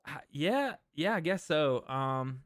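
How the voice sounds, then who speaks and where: A man's voice: a little high, lively intonation, slow pace, fairly bright tone, dry recording. A young man hosting a fishing livestream, chatting casually and reading viewer comments aloud with easy laughs. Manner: laid-back, reads viewer comments aloud, laughs easily. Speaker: fishing channel host.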